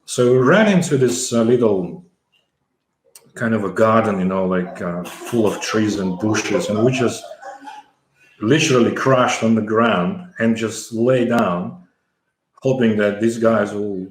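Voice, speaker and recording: There's crowd noise behind this middle-aged former Soviet man, whose voice sits on the low side and moves a little slowly. As an interview guest, he tells a long conversational story with frequent fillers and restarts, recorded in an echoey room.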